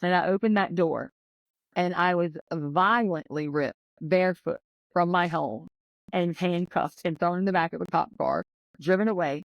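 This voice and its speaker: A woman's voice: deep voice, vocal fry, no echo, low-quality recording. A woman, telling a painful personal story as a podcast guest and acting out what others said. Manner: emotional, tells her story with quoted voices.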